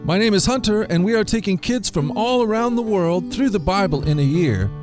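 A man hosting a daily Bible reading show for children, reading scripture and giving a short devotional, slowing down to stress key lines. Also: sits high, over music. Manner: expressive storyteller, slows down for emphasis.

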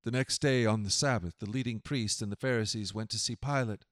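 A man reading scripture aloud and then preaching, in a solemn, measured way with dramatic swells. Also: fairly low pitch, dry recording, studio quality.

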